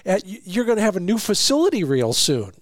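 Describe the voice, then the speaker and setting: A man's voice: sits high, huge pitch swings, fairly quick, no room sound, clean studio sound. A man hosting a casual interview, teasing his guest with playful jokes and asides. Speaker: podcast host.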